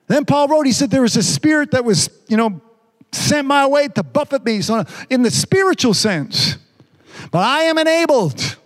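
A man preaching a sermon with emphatic repetition, frequent hallelujahs and words drawn out slowly for emphasis. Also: extremely high pitch.

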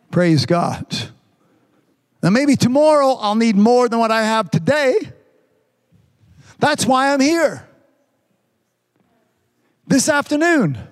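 Male preacher, very high voice, emphatic delivery studded with hallelujahs. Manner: emphatic, repeats phrases, frequent hallelujahs; stretches words out slowly for emphasis. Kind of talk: sermon.

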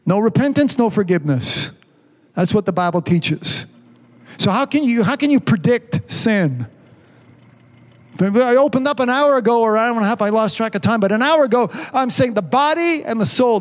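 A man preaching a sermon with fervor, often saying amen and hallelujah and calling on the congregation to answer him. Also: very high-pitched. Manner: fervent, repeats amen and hallelujah; calls for congregation responses.

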